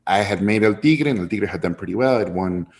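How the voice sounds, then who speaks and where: A lower-voiced man tells a story with lots of energy. His pitch leaps up when he quotes other people, and he keeps an easy, chatty pace. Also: fast. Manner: lively storyteller, jumps high when quoting others. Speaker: filmmaker guest. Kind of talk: animated anecdote telling.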